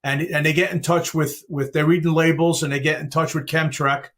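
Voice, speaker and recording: A man hosting a podcast, telling stories in a lively casual way and asking questions. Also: fairly high pitch, fairly quick. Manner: animated storyteller with chuckles and asides. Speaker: podcast host. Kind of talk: casual chat.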